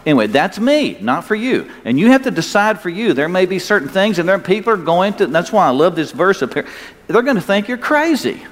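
The voice of this older male pastor sits high, sing-song and brisk. He preaches folksy and emphatic in the church sanctuary, rising on key points, with long hall reverb and faint ambience around him.

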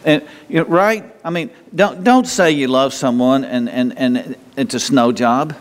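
A man's voice: mid-range voice, moderate pace, hardly any pauses. A man preaches in a church, speaking conversationally with his congregation. He often repeats words and asks them rhetorical questions. His voice carries a long reverb from the hall. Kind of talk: sermon. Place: church sanctuary.

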